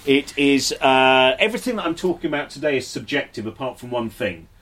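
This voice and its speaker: A comedian talking live on stage to a bookshop audience, rambling and self-deprecating, with quick asides and exaggerated voices for the people he quotes. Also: mid-range voice, expressive, fairly bright tone. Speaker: comedian and broadcaster, guest.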